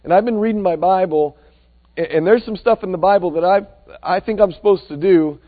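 A woman's voice: lowish voice, fairly quick, in a large hall, natural voice. A man voicing an earnest woman, a new convert, in a story told from the pulpit. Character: new female convert, young in faith, earnest and eager. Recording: tinny phone-like sound.

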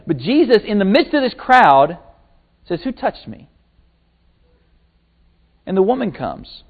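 Male pastor mid-sermon, slightly high voice, lively retelling, thin narrow-band recording. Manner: animated storytelling, acting out quotes. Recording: tinny phone-like sermon recording.

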